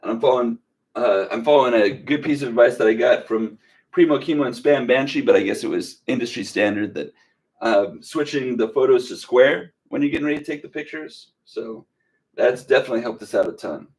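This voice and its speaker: A young man hosting a casual livestream, talking slowly and easily with a slight drawl, rambling as he reads viewer comments aloud. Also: medium pitch, a little mellow, slightly rough. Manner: slow, easygoing drawl. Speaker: livestream reseller host.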